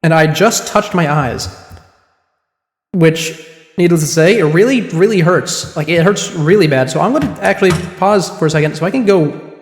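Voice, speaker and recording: A chatty male streamer rambling casually over a courtroom game, quick to poke fun at himself. His voice sits a little high and rings in a roomy space with a long, echoing reverb. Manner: rambling, chatty, self-deprecating. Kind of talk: casual livestream gameplay commentary. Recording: echoey room with long reverb.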